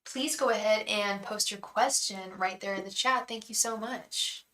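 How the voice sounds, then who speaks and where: A young woman from the Bay Area runs a live tarot stream, her voice bright and forceful at a middle pitch. She chats casually with viewers and vents freely. Between stories she softly chants the same invocation to her spirit guides. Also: a little slow, roomy sound, poor audio. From San Francisco Bay Area. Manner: chatty, venting, repeats a chanted invocation.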